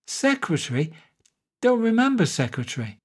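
A man's voice: sits high, sing-song, moderate pace, slightly rough, pitched above the performer's own voice, full character voice. Man doing a raised, slurring drunk playwright. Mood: rambling. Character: drunk loud middle-aged male playwright.

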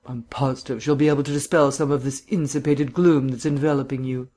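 A man voicing a suave, bantering gentleman sleuth with bland, mannered phrasing in an audiobook reading. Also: medium pitch, fairly even intonation, a little fast, lightly acted.

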